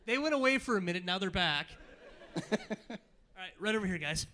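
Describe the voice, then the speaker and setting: A man moderating a convention panel, brisk and businesslike as he passes the mic. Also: high-pitched, expressive, pushed and bright, a little hiss or hum. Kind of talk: announcements.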